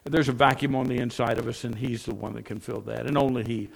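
Gravelly-voiced man preaching a sermon. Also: medium pitch, steady tone, quick pace. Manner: earnest storytelling preacher, rising and dropping emphasis.

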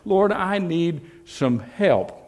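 A man voicing a distraught single mother who prays aloud for help, raising his voice high and pleading. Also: animated, extremely slow, darkish tone, exaggerated voice. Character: distraught praying single mother, middle-aged woman.

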